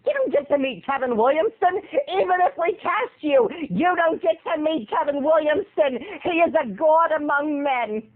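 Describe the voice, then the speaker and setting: A pushy, chummy casting agent woman, put on by a man, talking in a high, breezy voice. She sounds brisk and flirty, and the audio is thin and phone-like. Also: expressive. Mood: bossy. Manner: pushy, chummy, calls people doll.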